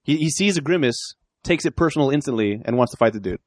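A man's voice: medium pitch, fast, no echo. A man co-hosting a podcast in casual chat, acting out little scenes in his stories and laughing often. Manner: animated, acts out quoted exchanges, laughs often. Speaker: podcast co-host.

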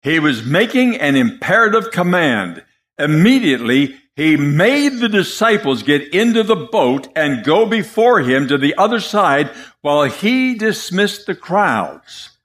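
A male preacher delivering a sermon at an unhurried pace. His pitch sits a little high and swings widely, rising into loud emphasis and dropping to hushed asides. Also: big pitch swings.

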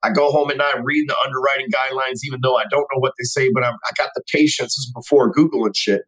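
Man telling a swearing, animated story. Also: medium pitch, fast, low-quality recording. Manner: swears freely and acts out the dialogue in his stories. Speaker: podcast guest, sales company CEO. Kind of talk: casual storytelling.

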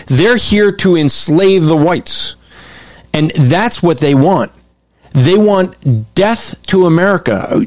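A man's voice: high-pitched, a little mellow, dry recording, studio quality. A man giving emphatic, repetitive commentary over video clips. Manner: emphatic and repetitive, restarts often.

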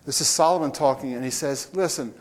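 A man preaching a conversational sermon, telling stories with animated asides to the audience. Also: medium pitch, normal speed. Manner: animated, with restarts and chuckles.

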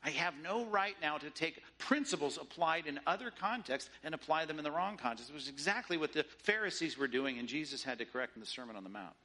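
A man's voice: on the high side, expressive, fast, hardly any pauses, sharp tone. A man preaching a sermon in an emphatic, rhetorical way, often mimicking the views he argues against. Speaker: pastor.

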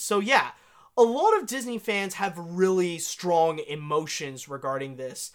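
A woman hosting an animation news podcast, chatty and animated, with gushing emphasis. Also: on the low side, measured pace. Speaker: podcast host.

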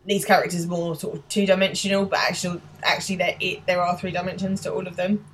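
A woman's voice: fairly low pitch, flat delivery, quick pace, a little hiss or hum, rough recording. A young woman from London with a London accent, casually recapping a sitcom episode on a podcast and laughing often. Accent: London English. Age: young adult. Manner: chatty, laughs often, acts out quotes. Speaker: podcast co-host.

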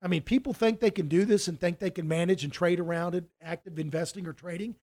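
A man's voice: sits high, quick pace, a little mellow. A middle-aged man, a financial advisor, telling a story in casual conversation, rambling with many restarts and acting out quoted dialogue.

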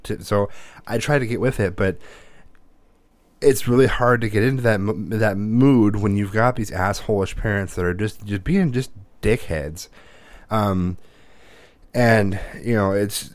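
A man's voice: lowish voice, unhurried, no echo. A father chatting casually, rambling, cursing and restarting his sentences often. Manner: rambling, profane, with many restarts. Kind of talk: casual chat.

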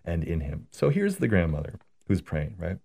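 A priest explains prayer in an earnest, conversational way and tells stories as he goes. His voice sits very low. He often checks in with a quick "right?". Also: wildly swooping pitch, gravelly, warm tone. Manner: earnest, storytelling, repeats "right?".

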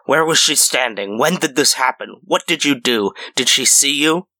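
A man's voice: mid-range voice, lively intonation, normal speed, bright, forceful tone, dry recording, pitched above the performer's own voice, full character voice. A man voicing a serious elderly grandfather who speaks in an intense, urgent way.

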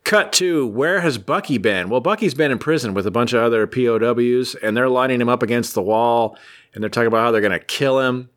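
A man's voice: mid-range voice, fairly quick, fairly bright tone. A man co-hosting a podcast, casually recapping a comic book in a jokey, rambling storytelling way. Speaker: podcast co-host.

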